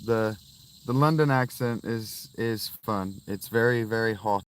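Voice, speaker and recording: A man in his fifties rambles casually to his livestream viewers, reading out their names as he goes. His voice sits a little low, and he talks from a phone outdoors with crickets chirping behind him. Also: unhurried, a little hiss or hum. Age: 50s. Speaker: livestream host. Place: outdoors by a fountain.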